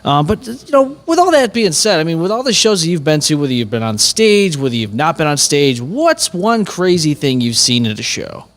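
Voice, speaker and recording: A man's voice: fairly high pitch, normal speed, hardly any pauses. A man co-hosting a podcast, interviewing a band and telling stories with acted-out quotes. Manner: animated, laughing, acts out quotes. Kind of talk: casual interview and storytelling.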